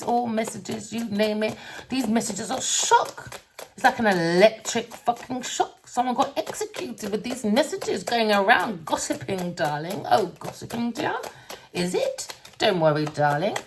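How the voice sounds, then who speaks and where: A woman's voice: mid-range voice, creaky, noisy background. A woman giving a theatrical tarot reading, sing-song and cussing, calling listeners darling. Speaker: tarot reader.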